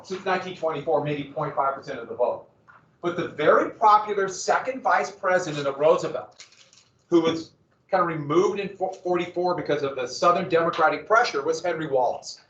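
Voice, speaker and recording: A male history teacher lectures his class in a relaxed, conversational way, tossing in asides and questions to the students. His voice sits a bit on the high side. He was recorded from across a roomy, echoing classroom, and the sound is dull. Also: far from the mic.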